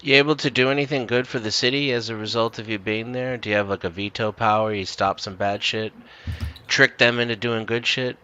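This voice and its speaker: A man's voice: medium pitch, steady tone, brisk, bright, forceful tone, clear, resonant tone, highs cut off. A man in a casual panel discussion, curious and asking pointed follow-up questions.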